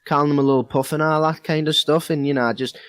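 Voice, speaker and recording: Young Geordie guy for a casual podcast, rambling, lots of swearing, raised pitch, dry close sound. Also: steady tone, fast, fairly bright tone, dry recording. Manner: rambling, heavy swearing, many fillers. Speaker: podcast co-host. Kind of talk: casual storytelling.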